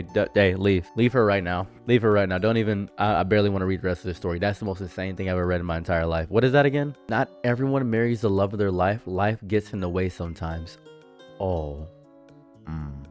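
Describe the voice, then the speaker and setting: Ranting low-voiced male reaction streamer. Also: a little fast, faint music behind. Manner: animated, ranting, swings from loud outbursts to low murmurs. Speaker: reaction streamer reading a forum story. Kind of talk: casual commentary.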